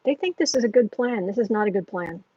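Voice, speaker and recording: Husky woman hosting a tarot livestream. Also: medium pitch, animated, fast, no echo. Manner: earnest, rambling, with frequent restarts. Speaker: tarot reader and livestream host. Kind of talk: casual livestream chat, reading viewer comments. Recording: dull lo-fi sound.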